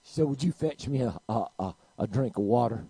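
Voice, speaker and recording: A man preaching a sermon, telling a story and swinging from quiet to loud. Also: medium pitch, animated, a little fast, husky, dry recording, low-quality recording.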